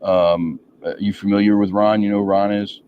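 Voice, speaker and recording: A man's voice: lowish voice, little pitch movement, normal speed. A man hosting a casual interview, rambling with many ums and restarts. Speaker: podcast host. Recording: dull lo-fi audio with faint noise.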